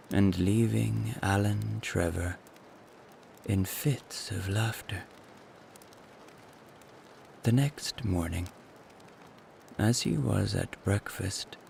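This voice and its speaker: Very slow, gravelly male storyteller. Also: on the low side, a little mellow, slight background noise. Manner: slow, soothing. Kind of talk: calm bedtime story narration.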